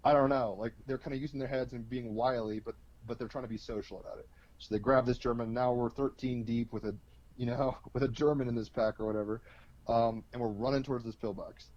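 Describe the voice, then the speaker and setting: A man at a mid-range pitch tells a loose, rambling story as an astrology guest, full of fillers. His delivery is animated and casual. The audio is dull and lo-fi. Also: fairly quick.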